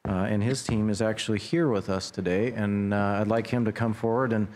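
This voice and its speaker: A man serving as executive director, giving his report to the board haltingly with many fillers. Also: on the low side, fairly even intonation, a little mellow. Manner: hesitant, filler-heavy. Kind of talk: meeting report.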